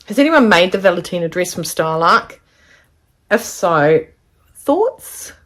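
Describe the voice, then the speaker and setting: A woman chatting casually to camera from her home sewing studio, rambling and excitable as she shows her makes. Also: on the low side, takes it slowly. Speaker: sewing vlogger.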